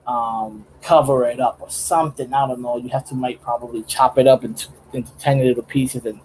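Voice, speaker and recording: A man's voice: medium pitch, darkish tone, a little hiss or hum, poor audio. A young man chatting casually on a late-night livestream, rambling with restarts and laughing a lot. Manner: laughs often, rambling with many restarts, slangy. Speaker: streamer. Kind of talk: casual livestream chat while drawing. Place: home studio, late night.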